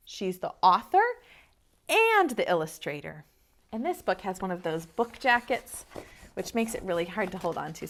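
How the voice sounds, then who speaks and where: Reading aloud to small children from a picture book, this young preschool teacher sounds lively and expressive. Her voice is mid-range with a creaky edge.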